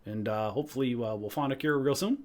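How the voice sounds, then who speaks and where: A man doing a hurried presidential impression. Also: mid-range voice, darkish tone, natural voice. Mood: earnest. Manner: quick, halting well-wishes with many fillers. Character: impression of a former male president.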